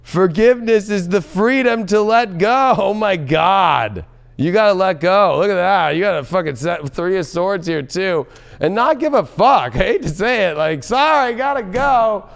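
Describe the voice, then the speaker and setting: A man giving a tarot reading in an excitable, loud and profane way, often breaking into laughter. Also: high-pitched, measured pace, creaky. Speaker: tarot reader.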